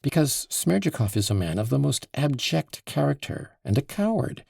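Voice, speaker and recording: A man's voice: mid-range voice, big pitch swings, moderate pace, gravelly, mellow, husky, no echo, studio quality, voice pushed up, heavily acted. A man voicing an agitated, passionate accused man in an audiobook, with heated, emphatic outbursts. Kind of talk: audiobook character voice.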